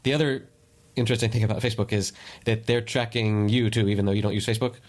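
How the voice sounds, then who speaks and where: A man's voice: fairly low pitch, steady tone, quick pace, a little mellow. A man co-hosting a podcast in casual chat, giving meandering explanations with many restarts. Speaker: podcast co-host.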